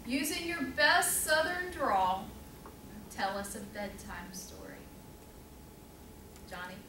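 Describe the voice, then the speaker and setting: A woman's voice: on the high side, very animated, takes it slowly. A woman leading a meeting segment, giving playful, teasing prompts to speakers. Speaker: table topics master. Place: meeting room with an audience. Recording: echoey room from far off, loud crowd and noise.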